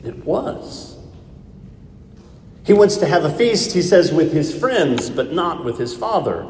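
A man's voice: fairly high pitch, big pitch swings, takes it slowly, a little mellow, a little hiss or hum. A man preaching a sermon, reading scripture and asking his listeners rhetorical questions. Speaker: pastor. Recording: echoey hall, speaker far from mic.

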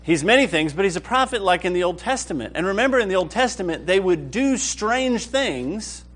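A man's voice: high voice, sing-song, fairly quick, fairly bright tone. A man teaching a Bible study class with enthusiasm, often checking whether the group is following. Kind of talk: lively Bible class lecture.

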